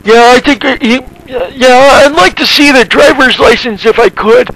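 A booming, eager middle-aged father barges onto the line, put on by a man during a prank phone call. His voice sits very high and bright. He is chummy, calling the other man son. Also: moderate pace, full character voice. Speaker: prank caller.

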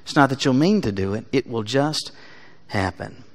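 Guy preaching in church, earnest, gets loud and emphatic then goes soft, middle pitch voice. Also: animated, moderate pace. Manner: earnest, builds to emphatic peaks then drops quiet. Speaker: pastor. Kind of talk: sermon. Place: church sanctuary.

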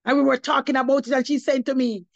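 A woman's voice: high voice, flat delivery, quick pace, vocal fry, dry recording, lo-fi sound. A woman giving her testimony as an apostle, preaching to a congregation and slipping between English and patois, rising to emphatic cries of praise.

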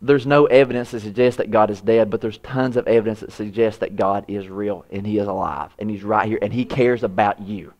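A man preaching a sermon, voice rising high when he acts out prayers and dropping low and soft for quiet lines. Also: fairly quick, hardly any pauses. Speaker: pastor.

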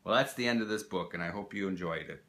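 An older man, a grandfather, reading a children's pop-up book aloud in a gentle, playful way. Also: low voice, fast talker, a little hiss or hum. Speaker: storybook reader, grandfather.

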